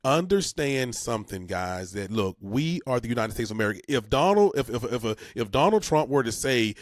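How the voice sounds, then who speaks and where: In a community talk show's civics segment, the co-host, a man, uses a folksy, emphatic manner and repeats words for emphasis. He has a mid-range, sing-song voice and moves briskly, barely pausing. The audio is dry and studio quality.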